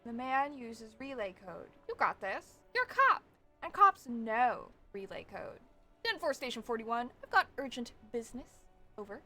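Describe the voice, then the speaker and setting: Bright, lively young woman streamer. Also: fairly high pitch, moderate pace, faint music behind. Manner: reads game text aloud, swears, chats with viewers. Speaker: streamer playing a game. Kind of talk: casual game-reading and chat.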